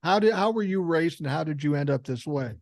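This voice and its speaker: An older man hosts a podcast in a relaxed, blunt way, swearing freely and stumbling over the first words of a thought. His voice sits a little high for a man and sounds dry and close to the mic. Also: fairly quick, vocal fry, dry recording. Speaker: podcast host. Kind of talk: casual conversational interview.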